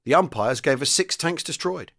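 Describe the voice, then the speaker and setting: A man reading the lines of a brisk, approving British sergeant major. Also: fairly high pitch, expressive, creaky, a bit bright, pitched above the performer's own voice, exaggerated voice.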